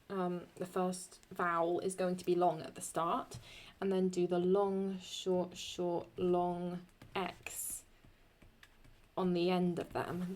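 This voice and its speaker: Young woman teaching latin poetry, slow and kinda low, keeps stopping to fix herself. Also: a little mellow. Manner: talks while writing, halting, corrects herself often. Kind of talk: casual classroom explanation.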